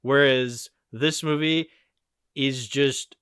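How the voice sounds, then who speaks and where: A man in his twenties hosting a podcast, chatting casually about movies in a rambling, excitable way and swearing freely. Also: medium pitch, slow pace, smooth, no room sound, studio quality. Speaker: podcast host. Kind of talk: casual movie-review chat.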